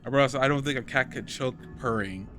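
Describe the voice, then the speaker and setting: An excitable man playing a video game on stream, talking casually in a mid-range voice. He gets distracted and apologizes, and game music plays clearly behind him. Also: mid-range voice, fairly quick. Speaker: gamer streaming gameplay. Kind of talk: casual chat while gaming.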